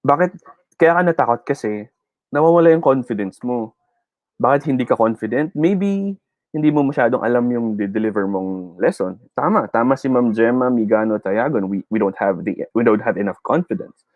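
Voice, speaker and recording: A man's voice: mid-range voice, a little fast, no room sound, highs cut off. A man with a Filipino accent teaching a live online speech class, encouraging students and reading out their comments. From Philippines. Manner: encouraging, mixes English and Tagalog, reads viewer comments.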